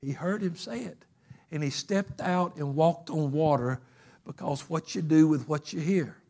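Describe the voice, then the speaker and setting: A man preaching a fervent sermon, telling stories and swinging from loud bursts to hushed passages. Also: a little high, unhurried.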